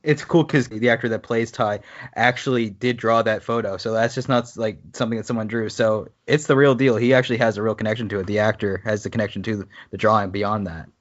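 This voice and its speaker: A man's voice: on the low side, fairly even intonation, a little fast, muffled recording. A man in his twenties co-hosting a podcast, easygoing and sharing trivia with small hesitations. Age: 20s. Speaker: podcast co-host. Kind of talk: casual chat.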